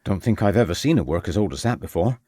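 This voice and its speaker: Man doing a blunt, plain-spoken Victorian constable, low voice with a lively lilt. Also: quick pace, breathy edge, no echo, studio quality.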